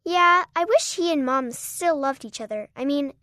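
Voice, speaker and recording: A woman's voice: high-pitched, normal speed, bright, forceful tone, no echo, studio quality. Woman voicing sweet young girl Audrey. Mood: wistful. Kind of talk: children's story acting.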